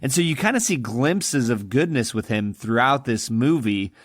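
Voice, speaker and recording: A man's voice: mid-range voice, expressive, normal speed, dry recording, studio quality. A man co-hosting a podcast, talking about a film in an emphatic, opinionated way. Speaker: podcast co-host. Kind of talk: casual film discussion.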